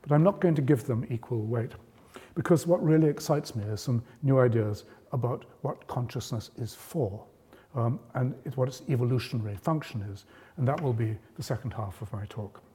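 A man giving a public lecture, speaking in a measured, explanatory way and lifting his voice on key points. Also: mid-range voice, mellow. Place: lecture hall. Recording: long reverb of a lecture hall.

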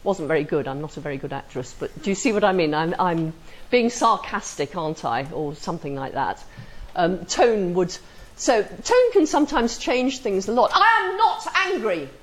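A woman's voice: on the low side, animated, normal speed, low-quality recording. A woman teaches a class with a voice that rises and falls a great deal. She keeps checking whether her students follow her. She acts out example sentences with dry humor. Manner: questioning, asks the class for agreement. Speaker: lecturer. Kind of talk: classroom lecture.

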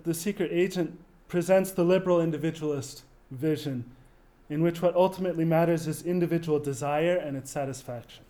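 A man giving a literature lecture, thoughtfully talking through a novel and reading quoted passages aloud, with pauses and restarts. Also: fairly high pitch, warm tone.

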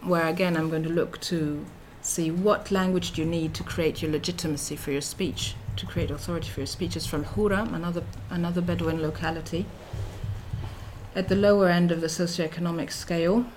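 Middle-aged woman, academic lecture, lowish voice, thoughtful with many ums and restarts, faint background hiss. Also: steady tone, a little fast, darkish tone. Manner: thoughtful, with frequent fillers and restarts. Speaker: researcher giving a talk.

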